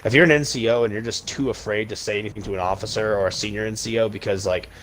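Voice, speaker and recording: A young man with a low-pitched voice rants heatedly on a casual podcast. He stacks up emphatic insults while playing a video game. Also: fairly even intonation, fast, a bit bright, slight background noise. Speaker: podcast host.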